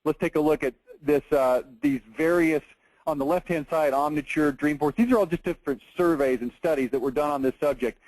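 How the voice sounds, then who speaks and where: A man's voice: on the high side, brisk, a little mellow, dry recording, poor audio. A man, giving a blunt, emphatic marketing webinar with an exasperated edge. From Texas. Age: 40s. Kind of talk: webinar presentation over screen share.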